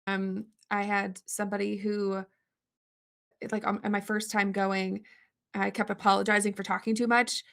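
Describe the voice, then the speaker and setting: A woman guest on a video-call interview, telling stories in an animated, rambling way full of "like" fillers. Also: medium pitch, moderate pace, creaky. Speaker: interview guest, comic artist. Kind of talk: casual storytelling in an interview.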